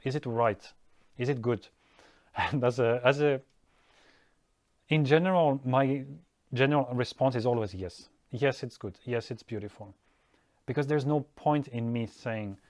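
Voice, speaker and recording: Male art teacher, mid-pitched, reflective and unhurried, dry close-miked sound. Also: darkish tone, dry recording. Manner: thoughtful, unhurried, many restarts and acted-out quotes. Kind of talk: casual podcast-style talk.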